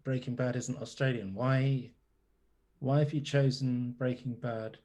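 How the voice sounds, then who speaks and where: Deadpan male comedy guest. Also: mid-range voice, a little slow. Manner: dry, deadpan pushback. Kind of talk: improvised comedy bit.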